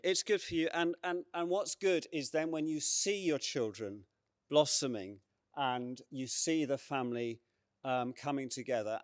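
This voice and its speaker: Middle-aged English man on a panel, earnest and halting, average pitch, dry close mic. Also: smooth, dry recording. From England. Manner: earnest, halting with many fillers and repeated words. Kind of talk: conference panel talk.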